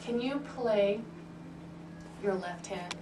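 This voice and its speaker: In a room with a piano, a woman gives a private piano lesson, speaking slowly in a mid-range voice. She's patient and encouraging, often checking in with "right?" and "okay," and the roomy, distant recording carries piano playing and background noise.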